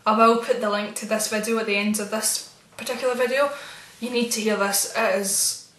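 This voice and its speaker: A woman's voice: on the high side, fairly even intonation, a little fast, a little hiss or hum. A woman vlogging casually, telling a rambling, spooked story about her experiences. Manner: chatty, meandering, with soft spooked asides. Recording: roomy echo.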